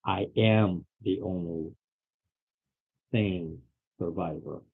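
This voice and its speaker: A man voicing a grim, terrified father who threatens adventurers with slow, ominous words. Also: sits low, creaky, slightly rough, pitched below the performer's own voice, full character voice. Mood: haunted. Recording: phone-like lo-fi recording.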